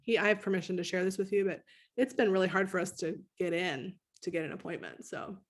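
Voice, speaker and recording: A middle-aged woman coaching parents in a live talk, reading viewers' comments, animated and leaping high when she models praise. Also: fast.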